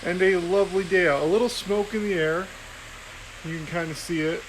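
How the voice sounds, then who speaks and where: A man chatting casually and then narrating a novel aloud, relaxed with small self-corrections. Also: high voice, brisk, noisy background. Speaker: audiobook reader. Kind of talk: casual chat and story narration.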